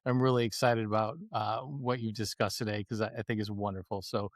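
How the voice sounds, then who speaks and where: A man's voice: fairly low pitch, steady tone, a little fast, no echo. Enthusiastic male podcast host, dry sound. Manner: enthusiastic, effusive praise, laughs a lot. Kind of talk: casual interview chat.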